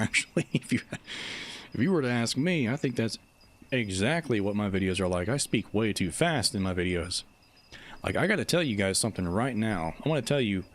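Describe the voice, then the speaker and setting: A man chatting casually on a livestream as host, rambling in an animated, self-mocking way and answering viewer comments. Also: lowish voice. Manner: reads viewer comments aloud and answers them. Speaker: Zelda theory YouTuber streaming.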